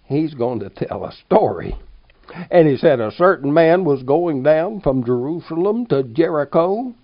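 A man delivers a sermon at a slow, deliberate pace. He reads scripture and a commentary aloud, then breaks into lively asides of his own. The recording is dull and lo-fi. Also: a little high. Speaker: preacher.

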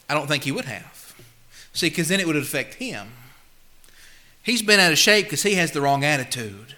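A male preacher with a high, bright, forceful voice delivering a sermon. He leans hard on his points, drops to near-quiet asides, then swells back up. His scripture readings come slow and measured. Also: expressive. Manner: emphatic, swings between loud and hushed; reads scripture slowly and deliberately.

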